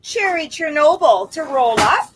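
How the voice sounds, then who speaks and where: A high, animated female voice speaks at a measured pace on a low-quality laptop-mic recording with a little hiss or hum. She's co-hosting a casual backyard livestream, chatting and reading viewer comments aloud.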